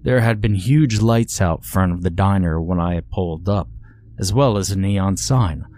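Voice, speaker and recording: A man with a very deep voice reads a horror story aloud in a measured, grim way. He delivers the narration steadily and deliberately, giving each line a dark weight.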